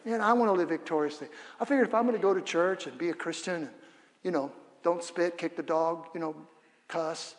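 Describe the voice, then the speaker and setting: A male pastor preaching a sermon in a church, energetic and humorous, leading the congregation in call-and-response. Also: a little high, a little fast. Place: church sanctuary. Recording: long reverb of a church hall.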